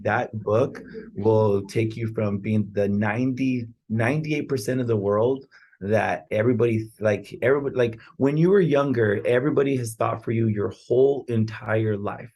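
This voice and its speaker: Low, husky man, casual motivational podcast talk, rambling and earnest, peppered with fillers. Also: normal speed, darkish tone. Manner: earnest, rambling, full of "like" and "right?". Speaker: podcast speaker on real estate and personal growth.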